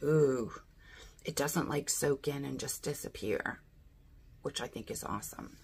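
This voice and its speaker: A woman's voice: a bass voice, measured pace, creaky, a little mellow, slight background noise. A woman chatting casually through a beauty box unboxing, thinking aloud and asking her viewers what she should do. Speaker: beauty vlogger.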